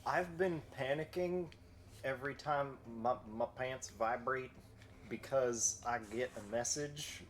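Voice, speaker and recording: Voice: mid-range voice, a little slow, slight background noise. A co-commentator bantering casually on a charity game stream, joking playfully and laughing a lot. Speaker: marathon co-commentator.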